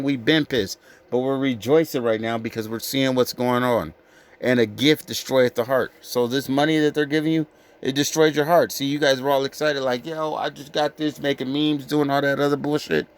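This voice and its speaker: A man giving an informal sermon, reading scripture slowly and with weight, then breaking into blunt, profane street talk. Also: medium pitch. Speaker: scripture teacher.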